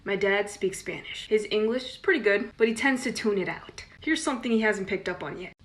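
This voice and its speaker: A woman's voice: mid-range voice, a little fast. A young woman telling a casual storytime to camera, chatty and wry with playful asides. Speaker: TikTok creator.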